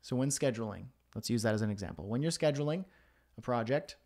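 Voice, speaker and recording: Male livestream host, mid-range voice, relaxed advice-giving, fillers, home studio. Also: mid-range voice, quick pace. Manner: conversational, self-deprecating, frequent fillers.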